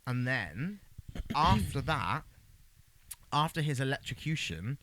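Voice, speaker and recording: A man's voice: mid-range voice, sing-song, slow, noisy background. A man co-hosting a podcast, chatting casually through a film recap and acting out bits of dialogue. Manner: chatty, acts out lines from the film in a raised voice. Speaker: podcast co-host.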